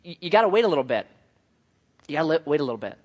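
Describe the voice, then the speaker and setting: A man preaching a sermon as pastor, telling stories in an animated way with voiced asides. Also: a little high, rapid-fire, dull audio.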